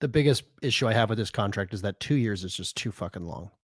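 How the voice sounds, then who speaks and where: A man's voice: fairly low pitch, lively intonation, fast, no room sound, studio quality. A man on a casual podcast, making a reasoned counterargument. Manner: reasoned, argumentative. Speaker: podcast co-host.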